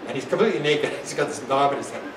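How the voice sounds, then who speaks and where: A man's voice: mid-range voice, rapid-fire, noisy background. Older man telling a story in a roomy space. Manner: excitable, many restarts, laughs while telling. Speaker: interview guest. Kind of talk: animated anecdotal storytelling. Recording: roomy and distant, faint ambience.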